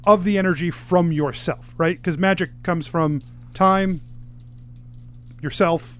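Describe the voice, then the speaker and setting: A man running a tabletop role-playing game as game master, narrating scenes and explaining rules in a relaxed way. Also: sits high, takes it slowly.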